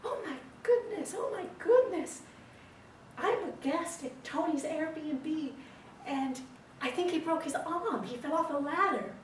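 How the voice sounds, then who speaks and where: A woman voicing a flustered, panicky female guest with a British accent, her voice pitched high and breathless. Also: expressive, unhurried, slight background noise. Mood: panicked. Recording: roomy distant recording with faint ambience.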